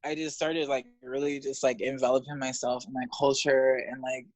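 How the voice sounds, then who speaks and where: A man's voice: normal speed, no room sound. Dry-sounding man telling raw stories. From Los Angeles, USA. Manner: animated, profane, laughs often, jumps up in pitch when excited. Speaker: interview guest. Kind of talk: candid storytelling in conversation.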